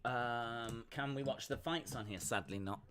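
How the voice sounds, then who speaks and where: A man's voice: mid-range voice, a little slow, a bit bright. A man hosting a fight-night watch-along stream, chatting casually, reading chat messages and making jokey asides.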